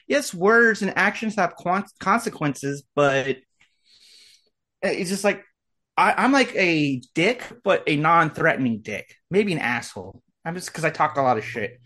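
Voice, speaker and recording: A man's voice: a little high, expressive, measured pace, a bit bright. A man in his late thirties, chatting casually in a rambling, crude way, often acting out what people said. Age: late 30s. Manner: rambling, crude, self-deprecating, trails into mock quotes. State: getting over an ear infection. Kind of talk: casual ranting chat.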